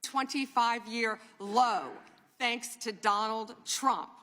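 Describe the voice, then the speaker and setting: A woman's voice: a little high, fairly even intonation, takes it slowly, bright, forceful tone. A woman testifying at a formal hearing, emphatic and repeating her points. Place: large hearing room. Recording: hearing room with long reverb.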